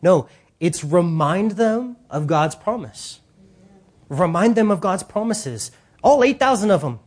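A man preaching a sermon in an animated, casual way, using slang and acting out voices. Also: high-pitched, unhurried, slightly rough.

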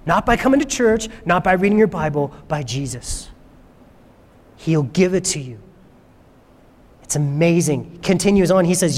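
A man's voice: sits high, expressive, a little slow. A man preaching a sermon as pastor, fervent and emphatic, often repeating his phrases for effect. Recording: long reverb of a large hall.

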